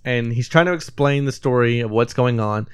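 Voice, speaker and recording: A man co-hosting a film podcast, casually retelling the plot in an animated way, swearing freely and acting out the characters' lines. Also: mid-range voice, normal speed, clean tone. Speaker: podcast co-host reviewing a film.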